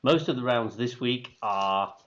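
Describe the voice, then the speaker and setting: A man hosts a live quiz stream in a relaxed, unhurried way, hesitating often and filling gaps with ums. He slips between English and German as he goes. The stream sound is dull and lo-fi. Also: mid-range voice. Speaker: quiz host.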